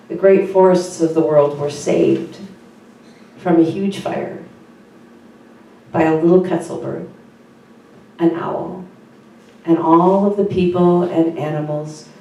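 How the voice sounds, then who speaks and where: A woman pastor giving a sermon in an earnest, conversational way, with soft fillers, in a church sanctuary. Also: sits low. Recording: very echoey room from far off.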